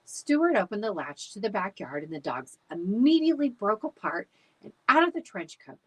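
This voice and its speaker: Give me a husky-voiced woman reading a story aloud. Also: medium pitch, moderate pace, rough recording. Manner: animated storytelling. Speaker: library storytime reader. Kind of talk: reading a children's book aloud.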